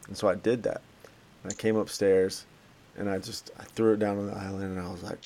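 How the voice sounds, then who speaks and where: A man's voice: low voice, moderate pace, vocal fry, slight background noise. A man in his thirties co-hosting a casual chat, telling a story with plenty of swearing and acting out the quotes. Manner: storytelling, animated, acts out quotes. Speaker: podcast co-host.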